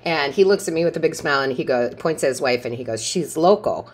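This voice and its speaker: A woman with a notably deep, low-pitched voice gives a casual tarot reading. She talks in a rambling, chatty way and often laughs. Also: fast. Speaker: tarot reader.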